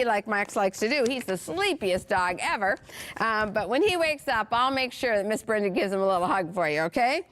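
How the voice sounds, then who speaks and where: A woman hosting a children's TV show, reading viewer letters aloud and speaking in an encouraging way directly to the children. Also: mid-range voice.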